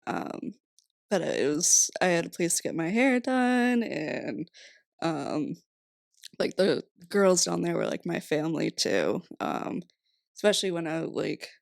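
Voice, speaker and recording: Very animated and creaky with a fairly low pitch, this young woman from Rhode Island chats casually as a podcast guest, speaking a little slowly. Laughter and frequent "like"s fill her talk, captured as clean studio sound without room echo.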